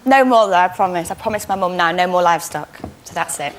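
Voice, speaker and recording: A young English woman chatting as a guest on a chat show, giggly and warm. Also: fairly low pitch, expressive, quick pace, a little hiss or hum. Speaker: actress guest.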